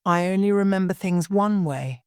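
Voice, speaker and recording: A woman's voice: medium pitch, normal speed, clear, resonant tone, no echo, clean studio sound, pitched above the performer's own voice, lightly acted. A woman voicing a curious, polite young girl who asks puzzled questions.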